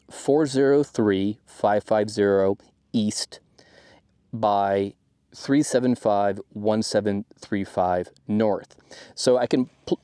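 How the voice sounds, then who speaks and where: A man hosting a radio and preparedness channel, explaining a tutorial in a relaxed way with many fillers. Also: on the low side, dry recording.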